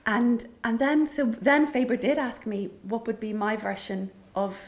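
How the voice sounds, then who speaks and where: A woman's voice: on the high side, a little slow. Thoughtful woman writer from Northern Ireland. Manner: thoughtful, many ums and restarts, storytelling. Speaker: writer and anthology editor. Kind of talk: reflective talk at a literary event.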